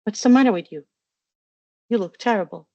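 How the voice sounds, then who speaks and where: A woman's voice: medium pitch, a little fast, darkish tone, no room sound, dull audio, close to an everyday voice. A woman doing a cheeky, boastful schoolboy wizard.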